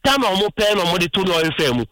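A man's voice: sits high, sing-song, fast, fairly bright tone, dry recording, rough recording. A man with a Ghanaian accent calling a radio show, complaining earnestly with hesitant ums. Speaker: caller. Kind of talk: phone-in call.

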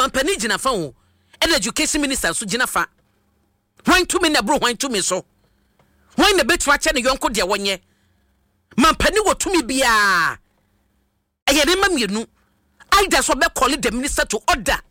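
Lively, bright radio commentator. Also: high voice, dry recording, clean studio sound. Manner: rhetorical questioning, emphatic. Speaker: radio host.

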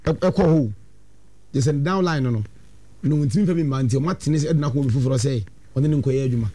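A man with a Ghanaian accent, a talk-show guest, recounting events in an animated storytelling way. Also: medium pitch, fast. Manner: animated, storytelling with quoted dialogue. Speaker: studio guest.

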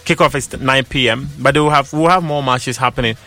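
A man presenting a radio sports update, teasing and animated in banter. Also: mid-range voice, brisk, soft background music. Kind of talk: studio banter.

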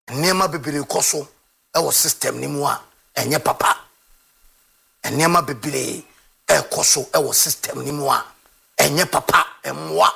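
A man's voice: fairly high pitch, creaky, bright, forceful tone, breathy edge. A man hosting a football talk show, ranting with passion and sometimes half-singing his lines. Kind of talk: impassioned commentary.

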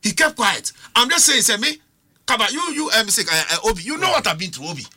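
Emphatic Ghanaian man, high and animated. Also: fast, breathy edge. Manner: emphatic, argumentative, rhetorical questions, mixes languages. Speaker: political panelist. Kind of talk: heated political talk show debate.

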